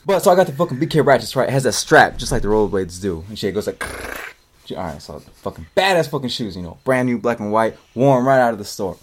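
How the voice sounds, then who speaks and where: A man's voice: medium pitch, very animated, quick pace, breathy edge. A man in his twenties telling a long childhood story in casual, rambling style, swearing almost every line. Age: 20s. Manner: profane, rambling, swears constantly. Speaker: podcast co-host telling a story.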